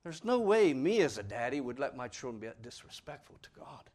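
Animated, folksy preacher man. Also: mid-range voice, a little fast. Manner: folksy, earnest, swings between loud stress and quiet asides. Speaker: father. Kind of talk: sermon.

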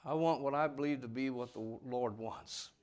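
A man's voice: medium pitch, normal speed, a little mellow. Earnest folksy preacher man. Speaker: pastor. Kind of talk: sermon.

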